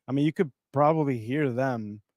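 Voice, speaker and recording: A man's voice: mid-range voice, normal speed, a little mellow, dry recording, studio quality. A man on a discussion panel, speaking tentatively and doubtfully in casual chat.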